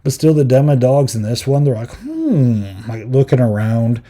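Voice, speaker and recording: A man's voice: mid-range voice, steady tone, fairly quick, dark tone. A young man hosting a podcast, chatting casually and rambling with lots of fillers while acting out quotes. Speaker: podcast host. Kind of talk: casual review chat.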